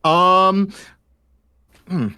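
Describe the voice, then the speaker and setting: A man's voice: sits high, steady tone, very slow, bright, forceful tone, smooth. Laid-back friendly man co-hosting. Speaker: co-host. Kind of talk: casual panel chat.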